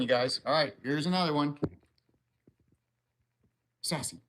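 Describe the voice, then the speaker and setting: A man's voice: a little high, measured pace, pauses often, a bit bright. A man hosting a livestream, reading viewer comments aloud and answering them with crude, rambling jokes in easy casual chat. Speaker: livestream host.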